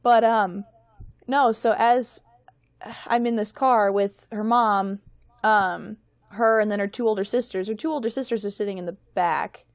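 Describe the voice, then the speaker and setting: A woman's voice: medium pitch, steady tone, a little slow, no echo. Woman, young adult, casual podcast story, rambling, self-mocking, mid-range voice. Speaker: guest.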